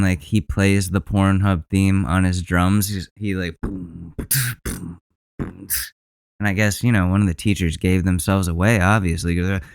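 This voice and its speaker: Male podcast host, smooth mid voice, rambling jokey rant, dry close mic. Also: deep voice, a little mellow, no room sound. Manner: rambling, joking, trailing off and laughing.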